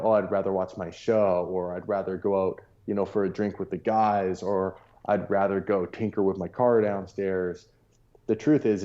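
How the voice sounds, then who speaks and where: Podcast guest: deep, mellow-voiced man, earnest and repetitive, on muffled lo-fi sound. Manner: earnest, storytelling, repeats key points. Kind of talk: casual motivational talk.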